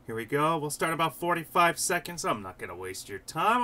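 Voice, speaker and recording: A young man hosts a sports livestream in a chatty, upbeat way, stopping and restarting his sentences as he talks. His voice is bright and forceful and sits a bit high for a man. It sounds like he is talking into a computer mic. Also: very animated, brisk, hardly any pauses. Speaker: host and site editor. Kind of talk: casual livestream sports talk.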